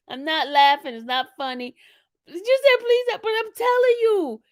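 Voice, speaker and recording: A high-pitched woman talks straight to her viewers, keeping it loose and chatty. She is animated, laughs a lot and keeps calling the audience y'all. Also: slow pace. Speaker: commentary channel host. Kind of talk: casual commentary to viewers.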